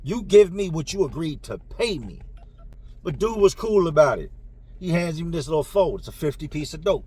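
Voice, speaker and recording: A man spins a story casually, his voice sitting a little high. He jumps into the dialogue with lively slang. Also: normal speed, breathy edge. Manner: animated, acts out dialogue with slang. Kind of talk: casual first-person storytelling.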